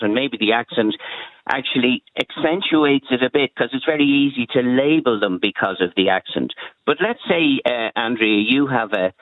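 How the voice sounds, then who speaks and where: A man calling into a radio show, giving his view in a deliberate, hesitant way. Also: mid-range voice, expressive, dry recording. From Dublin, Ireland. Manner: deliberate, hesitant, with many restarts. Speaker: caller. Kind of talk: radio call-in opinion. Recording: tinny phone line.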